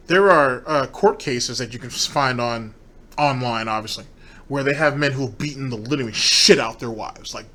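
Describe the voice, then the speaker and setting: A man's voice: mid-range voice, sharp tone. A man ranting in commentary about a streamer and his fans, profane and scornful.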